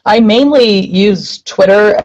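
A woman's voice: medium pitch, takes it slowly, a little mellow. A woman talking casually in an interview about her band, rambling with lots of fillers and now and then a swear word. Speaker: band member guest. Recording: muffled lo-fi sound.

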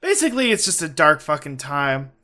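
A man's voice: a little high, sing-song, brisk, bright, forceful tone. A man co-hosting a podcast, rambling and laughing through casual banter with swearing. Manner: rambling, giggly, profane banter. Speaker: podcast co-host. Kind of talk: casual chat.

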